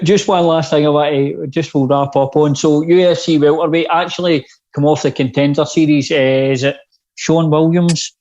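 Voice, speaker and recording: A man's voice: on the high side, mellow, highs cut off. A man with a Scottish accent hosting a podcast, chatting casually and laughing along with his guest. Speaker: podcast host.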